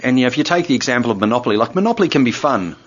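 A man's voice: medium pitch, expressive, rapid-fire, dull audio. A man co-hosting a radio show, explaining things with enthusiasm and a lot of "you know"s. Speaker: radio co-host. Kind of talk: casual radio chat.

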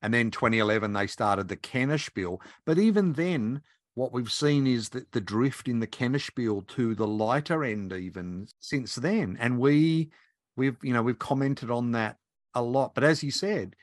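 A man's voice: medium pitch, lively intonation, normal speed, no echo, clean studio sound. A man from Australia, hosting a podcast interview in an easygoing, conversational way. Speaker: podcast host.

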